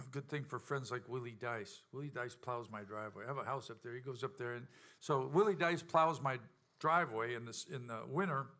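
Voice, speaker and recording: Rambling host, bright voice. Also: male voice, medium pitch, a little fast. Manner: rambling, jokey, many fillers. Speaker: show host and band member. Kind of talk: casual banter.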